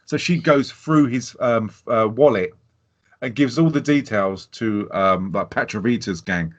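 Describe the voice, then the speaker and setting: A man co-hosting a podcast, chatting casually about a film, animated and laughing, swearing freely. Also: on the low side, unhurried. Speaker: podcast co-host. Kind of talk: casual film review chat. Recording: dull lo-fi sound.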